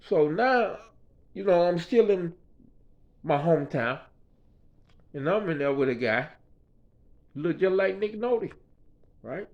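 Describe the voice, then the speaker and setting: A man's voice: on the high side, lively intonation, slow pace, pauses often. Rambling man telling a hospital story. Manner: rambling, conversational, frequent "you know what I mean". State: hospital patient. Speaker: vlogger telling a personal story. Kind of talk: casual storytelling. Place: hospital room. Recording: dull lo-fi sound.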